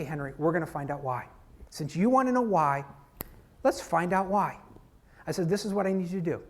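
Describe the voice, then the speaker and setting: A man from Florida giving a conference keynote talk, telling stories and working the audience with questions. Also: high voice. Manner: lively storytelling, works the audience. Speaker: keynote speaker. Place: conference hall.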